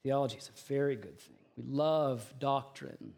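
A man's voice: medium pitch, moderate pace, creaky, a little mellow. A male pastor giving a sermon in a conversational way, full of chatty asides and fillers. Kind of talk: sermon with personal anecdote.

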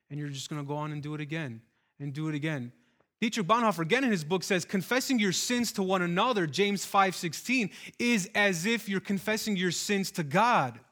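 High, bright-voiced man preaching earnestly. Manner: earnest, builds to emphatic repeated exhortations. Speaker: pastor. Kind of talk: sermon.

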